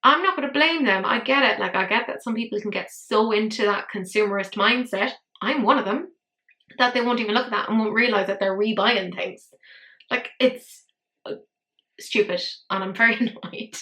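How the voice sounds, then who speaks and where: Woman, makeup commentary host, bright tense voice, exasperated, swearing, echoey room. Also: mid-range voice, moderate pace. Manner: swearing, exasperated, self-mocking. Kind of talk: casual ranting commentary.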